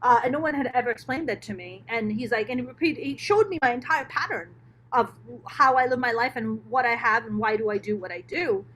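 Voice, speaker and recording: A middle-aged woman, a stand-up comedian, telling her life story as a podcast guest in a candid, profane, animated way. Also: a little high, brisk, a little hiss or hum. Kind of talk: casual interview storytelling.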